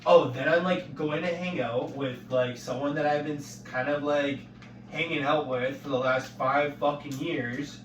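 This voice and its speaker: A man's voice: a little high, fairly even intonation, a little slow. Swearing, ranting man, far off. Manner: swears constantly, voice rising to angry shouting. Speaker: vlogger. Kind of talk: profane venting rant. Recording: echoey room, far from mic, noisy.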